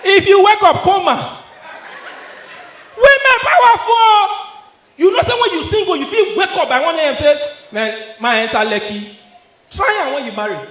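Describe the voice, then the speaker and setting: A Nigerian man performing stand-up on a handheld mic, his voice unusually high and swinging widely from low mutters to shouted lines. He laughs through his own jokes. The sound carries the echo of a live venue. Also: expressive, quick pace, a faint crowd. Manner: shouting punchlines, often laughing, in Pidgin-mixed English. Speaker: stand-up comedian. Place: comedy show venue. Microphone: handheld stage mic. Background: audience laughter.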